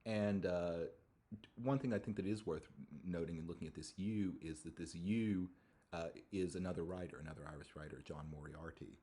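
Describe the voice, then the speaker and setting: A male university lecturer giving a thoughtful academic talk on poetry, often pausing and restarting his phrases. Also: low voice, dark tone. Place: lecture hall.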